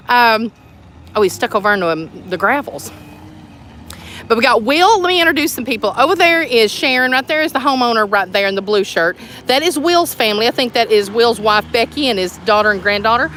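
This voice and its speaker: A woman hosts a casual livestream outdoors at a building site. Her voice sits a little high and rings bright. She talks in an excited, chatty way that rambles from one thought to the next. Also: normal speed, slight background noise. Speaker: tiny home community host.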